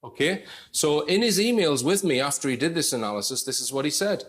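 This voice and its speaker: A man's voice: on the high side, expressive, fairly quick, fairly bright tone. A man presenting an analytical commentary in a conversational way, explaining with asides.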